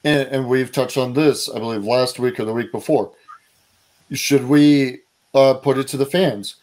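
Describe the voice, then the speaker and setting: Co-host, man, mid-pitched, opinionated, drives the conversation. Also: a little slow, darkish tone. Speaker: podcast co-host. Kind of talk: casual chat.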